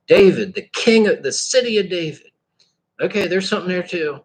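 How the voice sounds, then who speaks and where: A man talks through a loose, reflective spiritual monologue. He trails off and restarts, hums lines of song, and laughs between thoughts. His voice sits a touch high and has a husky grain. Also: lively intonation. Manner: meandering, halting, with bits of sung lyric and laughter. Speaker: vlogger.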